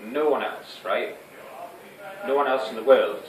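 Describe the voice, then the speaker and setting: A man's voice: medium pitch, animated, measured pace, natural voice. An actor playing an anxious, lovesick young man, rambling and hesitant, with many restarts, in a stage monologue. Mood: wistful. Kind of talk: theatre monologue. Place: small fringe theatre venue. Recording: echoey room, distant mic, faint hiss.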